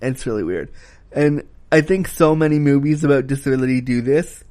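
A man's voice: medium pitch, fairly quick, mellow. A man giving a casual spoken film review, talking frankly and critically, with the occasional swear word.

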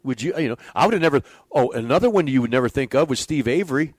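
An older man spins stories at a relaxed, conversational pace. He is animated and chuckles easily, and his voice sits in a middle range. The sound is dry and close, with no room around it. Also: mid-range voice, fast, no room sound. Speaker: former baseball pitching coach. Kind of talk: casual storytelling in conversation.

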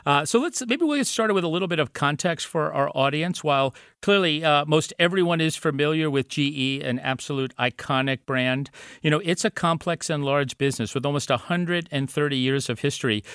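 A man hosting a podcast interview, polite and gracious, with many filler pauses as he frames his questions. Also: a little high, fairly bright tone, clear, resonant tone, no room sound, studio quality. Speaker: podcast host.

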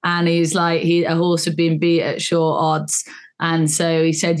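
A woman's voice: low voice, monotone, a little slow. Chatty woman hosting a panel. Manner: chatty, storytelling with lots of fillers. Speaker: podcast host. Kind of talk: casual panel chat.

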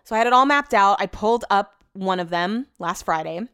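A woman's voice: medium pitch, a little fast, pushed and bright, smooth, no room sound, studio quality. Chatty young woman telling a story. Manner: chatty, rambling with many likes and restarts. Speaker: vlogger. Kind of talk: casual storytelling. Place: home office.

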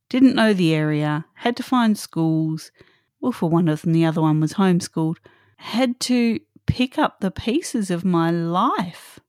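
A woman's voice: fairly low pitch, a little mellow, no echo, studio quality. A middle-aged woman hosting a solo podcast, earnest and emphatic, repeating her key points. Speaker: podcast host.

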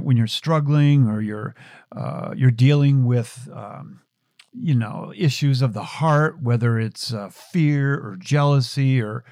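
A man's voice: mid-range voice, a little mellow, dry recording, studio quality. A middle-aged man hosting a show, telling a personal story in an earnest, reflective way with frequent restarts. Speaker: show host.

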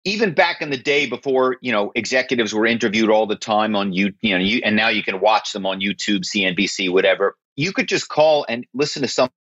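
A man telling stories as an interview guest, emphatic and animated, often checking in with "right?". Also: lowish voice, brisk, hardly any pauses, dry recording. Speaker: guest, former actor and corporate spy. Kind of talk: interview conversation. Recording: slightly dull, dry.

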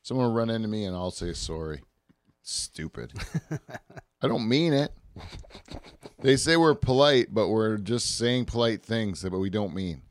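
A man with a somewhat low voice tells rambling, profane stories in a loose, casual way. He laughs often as he talks. The recording is close and dry, with no room sound. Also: lively intonation, moderate pace, no echo. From Canada. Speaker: podcast co-host. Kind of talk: casual chat.

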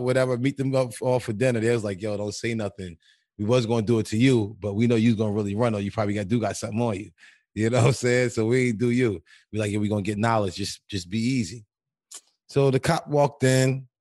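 A man's voice: mid-range voice, a little mellow, dry recording, studio quality. A man hosting a podcast, telling stories in casual chat, profane and often laughing. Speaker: podcast host.

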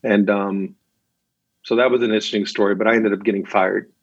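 A man's voice: on the low side, fairly quick, no room sound. A man, an interview guest and missionary, telling his story animatedly and acting out the dialogue. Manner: animated storyteller, acts out quoted dialogue, laughs. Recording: dull, lo-fi dry sound.

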